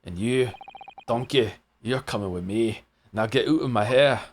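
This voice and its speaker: A man voicing a gruff, suspicious male prison governor, attempting a Scottish accent. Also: mid-range voice, moderate pace, slight background noise, lightly acted. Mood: dismissive. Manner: blustering and suspicious.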